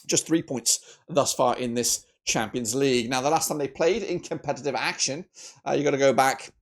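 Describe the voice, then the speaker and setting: A man hosting a football predictions video in a chatty, animated way, often correcting himself. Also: moderate pace. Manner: animated, with frequent jumps in pitch and loudness; chatty, with filler "uh"s and self-corrections. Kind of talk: casual match-prediction commentary.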